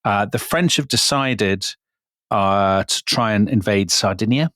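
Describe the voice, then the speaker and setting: A man's voice: fairly low pitch, measured pace, fairly bright tone, no echo, clean studio sound. A man co-hosting a casual history podcast, telling events in a conversational way with tag questions. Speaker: podcast co-host.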